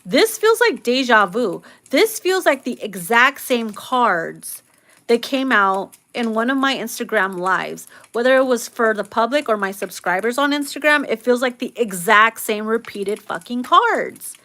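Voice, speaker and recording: A woman tarot reader talks straight to her viewers in a loose, casual reading. She swears freely, laughs often and slips into slangy acted-out voices. Her voice sits a little higher than most women's. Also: animated, unhurried, pushed and bright. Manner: blunt, profane and laughing often; slangy, acts out quoted lines in playful voices.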